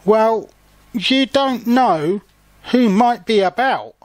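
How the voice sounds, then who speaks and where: A brave little boy mouse who leads his family through the garden, read by a man. The lines come slowly and lift higher when he warns of danger, and the voice sits in a dry, close space. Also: animated, no echo, exaggerated voice. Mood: cautious. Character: young male mouse guide, brave and cheerful.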